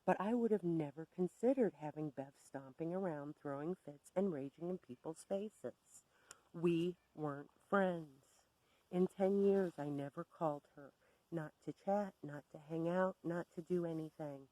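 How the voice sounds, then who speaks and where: Candid storytime narrator, blunt and wry, mid-pitched voice. Dry recording. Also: measured pace, darkish tone, dry recording, rough recording. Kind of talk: personal storytime.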